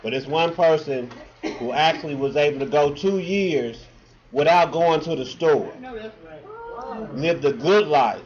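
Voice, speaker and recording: A man's voice: fairly high pitch, unhurried, a little mellow, muffled recording. Man announcing at a community event. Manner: casual, with filler uhs. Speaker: emcee.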